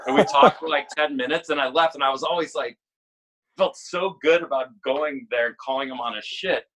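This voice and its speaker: Guest musician, male, forties: bright, forceful voice, casual storyteller who swears and laughs a lot. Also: a little high, fairly quick, low-quality recording. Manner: animated, swears freely, laughs often.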